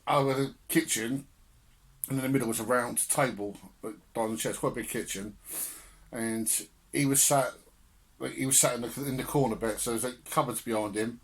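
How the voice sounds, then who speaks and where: A man's voice: medium pitch, fairly even intonation, fairly quick. A young man on a podcast telling family stories with laughter and swearing in casual chat. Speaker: podcast co-host.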